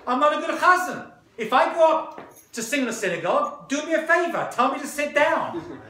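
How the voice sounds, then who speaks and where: A British man, a rabbi, giving a lively, joking class and bantering with his audience. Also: extremely high pitch. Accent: British English. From Britain. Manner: animated, joking, quick back-and-forth. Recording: echoey room.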